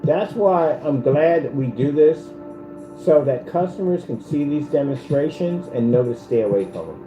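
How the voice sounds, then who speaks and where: Here the man's voice is a little high and animated at a normal speed, with the highs cut off. Hosting a ranting commentary video, he taunts and repeats himself, the echoey room filled with background music.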